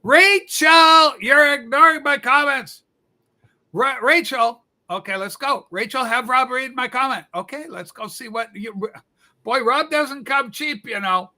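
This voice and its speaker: A man's voice: very high-pitched, moderate pace, sharp tone, full character voice. A man playing Rachel, a flamboyant, gossipy woman who fusses and scolds in mock scandal during comedic livestream banter. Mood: bossy. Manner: campy, chatty, mock-scandalized.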